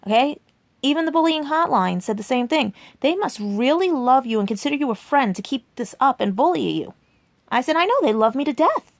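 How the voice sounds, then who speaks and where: This vlogger, a woman in her forties, has a high, expressive voice with vocal fry and talks a little fast, with no room sound. She tells her viewers a rambling personal story, chatty and full of asides like "right?" and "and everything."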